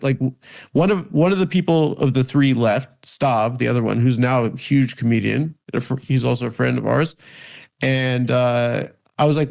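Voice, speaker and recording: A man in his thirties, a comedian guest in a casual interview, talking in halting starts with lots of fillers and self-mockery. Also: mid-range voice, creaky, darkish tone. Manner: halting, many restarts and "like" fillers, self-deprecating. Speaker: comedian and podcast host, guest.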